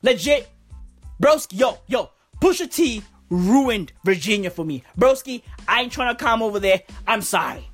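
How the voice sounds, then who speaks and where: Husky, animated woman ranting. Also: a little high, moderate pace, faint music behind. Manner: profane, repetitive, animated slang. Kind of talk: comedic rant monologue.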